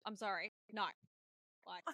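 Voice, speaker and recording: A woman's voice: medium pitch, fairly even intonation, measured pace, pushed and bright. A woman co-hosting a casual podcast, emphatic and enthusiastic. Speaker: podcast co-host. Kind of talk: casual chat.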